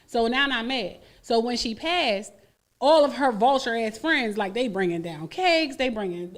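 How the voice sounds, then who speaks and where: A woman co-hosting a radio talk show, telling stories in a blunt, profane, animated way. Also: fairly high pitch, measured pace. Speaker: radio co-host. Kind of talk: casual chat.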